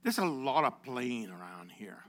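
A man preaching a sermon to his congregation, calling on members by name, rising to loud exhortations and dropping low again. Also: big pitch swings, measured pace. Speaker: pastor.

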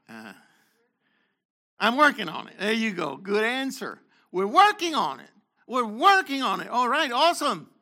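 An older man preaching an interactive sermon, questioning the congregation and calling on people, moving between loud exhortation and quiet asides. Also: high-pitched.

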